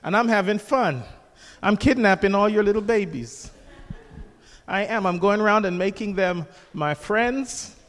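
A man's voice: sits high, measured pace, fairly bright tone, in a large hall. An older man preaching a sermon as pastor, jovial and conversational, asking the congregation questions.

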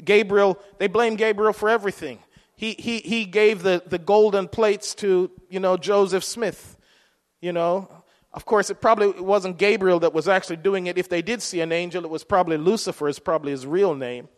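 A man's voice: high voice, steady tone, normal speed, long reverb tail. A man preaching a sermon in a conversational way, asking his listeners rhetorical questions.

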